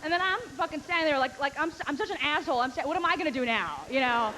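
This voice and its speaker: A woman's voice: high voice, animated, racing, long reverb tail, heavy background noise. A woman doing a stand-up comedy routine, telling brash, profane, rambling stories and acting out other people's voices. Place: comedy stage before a live audience.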